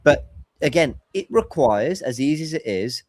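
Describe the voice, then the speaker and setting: A man's voice: on the high side, sing-song, normal speed, no room sound, clean studio sound. A man hosting a casual football podcast over a remote call, talking analytically and explaining tactics at length. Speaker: podcast host.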